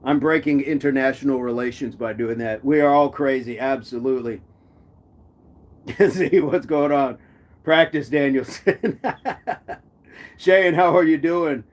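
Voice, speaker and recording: A man's voice: mid-range voice, measured pace, long pauses. A man from the United States hosting a live stream chat, playful, laughing often and repeating his phrases as he reads comments.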